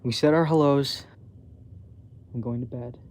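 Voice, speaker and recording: A man's voice: fairly high pitch, unhurried, vocal fry, mellow. A man reading aloud, voicing a nervous, flustered young woman on a phone call, in a dull home recording. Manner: embarrassed, flustered deflecting.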